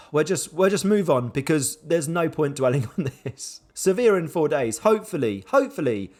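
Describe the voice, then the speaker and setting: A young man commentating his own football management game with animated swings between excitement and dejection. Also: a little high, moderate pace. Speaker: gaming YouTuber.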